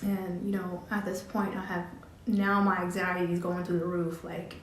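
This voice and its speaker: Woman vlogger, halting speech, lots of fillers, very echoey room, faint hum. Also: fairly low pitch, little pitch movement. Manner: halting, many restarts and "like" fillers. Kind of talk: personal storytelling vlog. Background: cat drinking from water fountain.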